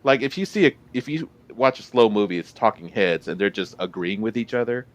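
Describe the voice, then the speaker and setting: A man with a very low voice talks through a film in casual podcast chat. He hesitates often and fills the gaps with filler sounds as he gathers his thoughts. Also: lively intonation. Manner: hesitant, many filler pauses. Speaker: podcast co-host. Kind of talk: casual movie discussion.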